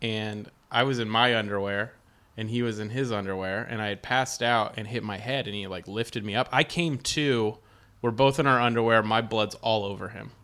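A man's voice: fairly low pitch, steady tone, normal speed, sharp tone, smooth. Rambling man with many fillers. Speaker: podcast host. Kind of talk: casual chat.

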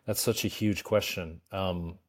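Chatty low-voiced actor, self-deprecating. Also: male voice, steady tone, a little slow. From Canada. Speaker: guest actor. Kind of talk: casual interview chat.

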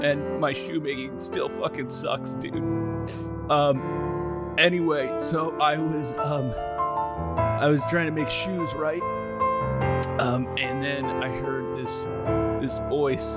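A man playing a rattled, swearing young adventurer. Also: mid-range voice. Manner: rambling, swearing, halting restarts. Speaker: player. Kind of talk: in-character tabletop role-play.

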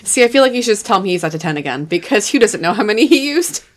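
A woman's voice: medium pitch, very animated, rapid-fire. A woman playing a tabletop game, chatty and playfully argumentative in casual talk with the group. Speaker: player.

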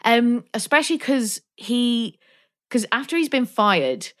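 Brief: woman, casual podcast co-host, animated, acts out reactions. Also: a little high, unhurried. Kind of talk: casual film discussion.

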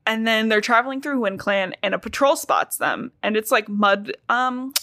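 A chatty woman recapping a book on a podcast, with a bright, fairly high voice. She talks in an irreverent way, full of "like" and casual swearing. Her voice is recorded dry and close. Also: animated, normal speed, dry recording. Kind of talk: casual chat.

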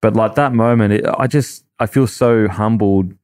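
A man's voice: on the low side, moderate pace, a little mellow, clean tone. An Australian man, a former rugby league player, talking earnestly and rambling with lots of restarts as a podcast guest. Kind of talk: casual podcast chat.

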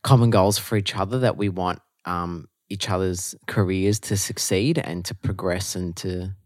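An Australian man talks in a laid-back, halting way, leaning on fillers as he co-hosts. His voice is low. The recording is dry and close. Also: steady tone, darkish tone, no room sound. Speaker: podcast co-host. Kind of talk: casual chat.

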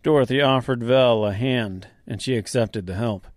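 A man narrating a dark fantasy audiobook serial, reading slowly and deliberately. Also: medium pitch, no room sound, clean studio sound. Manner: slow, deliberate reading with quiet voiced dialogue.

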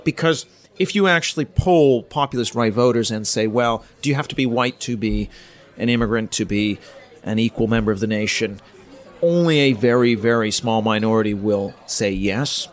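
Speaking at medium pitch, a middle-aged politics professor from Canada responds to an interviewer. His explanations are measured, though he thinks out loud, using fillers and restarting sentences.

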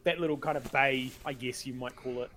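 A man hosting a podcast game show in relaxed, casual chat full of "um" fillers. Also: medium pitch, brisk. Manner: relaxed, many "um" fillers, informal.

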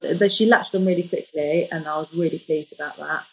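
Woman, fairly low voice, animated storyteller, quick to joke. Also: low-quality recording. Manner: lively, jokey, animated retelling. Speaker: guest. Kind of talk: casual storytelling.

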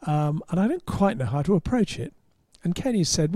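An English man recounts a story in a chatty, self-deprecating way, often laughing at himself. His voice sits a little high yet sounds mellow, and the recording is dry and close. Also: very animated, moderate pace, no echo. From England. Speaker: motorsport journalist. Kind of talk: storytelling anecdote.

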